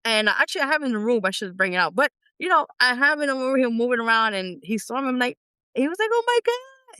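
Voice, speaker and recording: A middle-aged singer talks through her story in an animated way, acting out how she reacted back then. Her voice is bright and crisp, recorded close and dry with no room sound. The style is a casual interview. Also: on the high side, no echo. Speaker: independent singer, interview guest.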